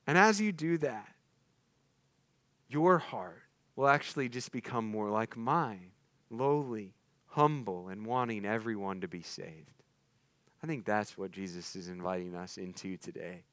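Pastor guy preaching, kinda high voice, earnest, lots of what-if questions, goes quiet when he prays. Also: animated, measured pace, no echo. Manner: earnest, asks many rhetorical questions; soft and hushed in prayer. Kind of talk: sermon with closing prayer.

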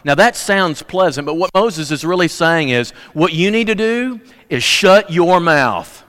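An emphatic, folksy man preaches in a church, swinging from loud, punchy bursts to low, quiet asides. His voice sits fairly high for a man. A long hall reverb trails after each phrase. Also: animated, normal speed, few pauses. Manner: folksy, humorous. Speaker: pastor. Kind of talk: sermon.

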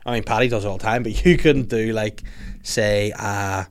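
A man's voice: fairly low pitch, moderate pace, smooth. A young man with a Northern Irish accent, chatting on a podcast in a rambling, jokey way with lots of fillers. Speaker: podcast host. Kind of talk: casual banter.

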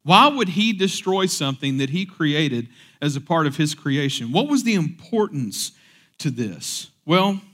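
Guy preaching, kinda high voice, super casual, lots of uh and you know. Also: sing-song, measured pace, a bit bright. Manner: casual, joking asides, frequent fillers and restarts. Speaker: pastor. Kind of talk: conversational sermon.

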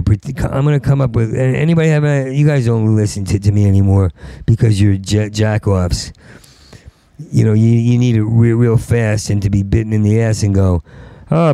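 A man's voice: lowish voice, gravelly, warm tone, dry recording. A middle-aged man doing a rambling, profane stand-up rant, stuttering and restarting his words. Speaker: stand-up comedian.

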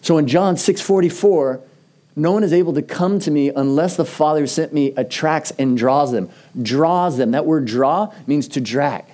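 A middle-aged man, a pastor, preaching a sermon in an earnest, conversational storytelling manner with slow, emphatic phrases. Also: fairly high pitch, mellow.

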